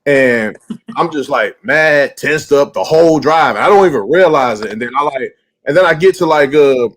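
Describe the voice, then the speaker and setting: A man's voice: on the high side, expressive, moderate pace. Man telling a story, loose and profane. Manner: loose, profane, lots of "like" fillers. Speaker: podcast host. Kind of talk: casual chat, storytelling.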